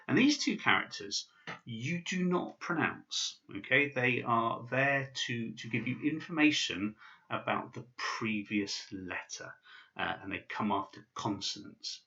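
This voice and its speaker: A man's voice: mid-range voice, expressive, moderate pace, sharp tone, highs cut off. A man teaching basic pronunciation in a casual video lesson, with many fillers and restarts. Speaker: language teacher.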